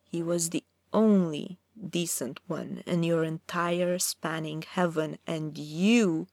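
A woman's voice: slow, creaky, darkish tone, no echo, exaggerated voice. A woman voicing a sly, menacing male trickster god who mocks and threatens in a storybook reading. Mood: scornful. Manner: mocking, amiable then low and dangerous.

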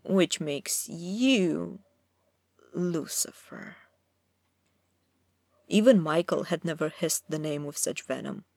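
Low gravelly woman reading a story. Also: darkish tone, no echo, studio quality. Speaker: narrator. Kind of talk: dramatic fiction reading.

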